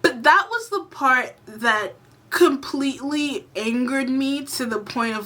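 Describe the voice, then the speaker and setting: A woman's voice: high voice, expressive, unhurried, sharp tone. A young woman giving a heated, exasperated commentary vlog rant, swearing freely. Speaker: YouTube commentator.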